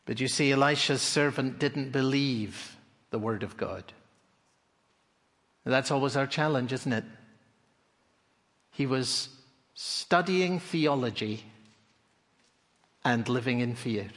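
A man's voice: medium pitch, takes it slowly, long pauses, a bit bright, big-room sound. A man preaching an expository sermon, telling the story animatedly and posing rhetorical questions.

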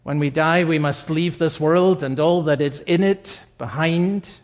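A man preaching a sermon in an earnest, emphatic way, slowing down to stress key phrases. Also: a little high. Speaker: pastor. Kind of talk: recorded sermon.

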